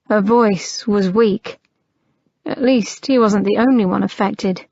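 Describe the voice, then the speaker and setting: A woman narrating an audiobook in a measured, unhurried reading, on a slightly muffled recording. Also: mid-range voice, fairly even intonation, vocal fry, a little mellow, no room sound.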